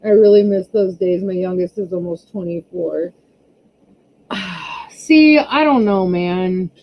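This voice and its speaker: Chatty exasperated mom streaming from home. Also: female voice, on the low side, takes it slowly, a little hiss or hum. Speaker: channel host. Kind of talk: casual livestream chat. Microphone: camera pointed down. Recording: slightly muffled lo-fi audio.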